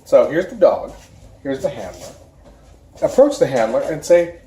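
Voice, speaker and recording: Low-voiced woman, emphatic and animated. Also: moderate pace, slight background noise. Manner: emphatic, repeats key points; lively mimicry of careless strangers. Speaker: service dog handler. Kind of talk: informal educational talk to camera. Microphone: camera in front of her.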